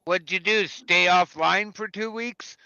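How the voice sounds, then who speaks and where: A man with a gravelly, fry-edged voice that is bright and piercing, joking around and swearing freely in loose conversation. The sound is dry and slightly dull, like a lo-fi mic with no room around it. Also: high voice, unhurried, no echo. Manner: joking, swears freely, laughs at his own stories. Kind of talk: casual chat.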